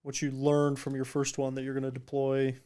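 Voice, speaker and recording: A man's voice: mid-range voice, completely flat delivery, a little fast, mellow, clear, resonant tone. A man hosting a podcast, asking questions casually and reacting with enthusiasm. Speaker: podcast host. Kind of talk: casual interview.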